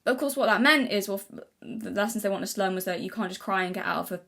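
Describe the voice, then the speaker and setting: A woman's voice: mid-range voice, fast talker, fairly bright tone. Rambling young woman thinking aloud. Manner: rambling, many restarts and self-corrections. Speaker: vlogger. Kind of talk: casual unscripted talk to camera.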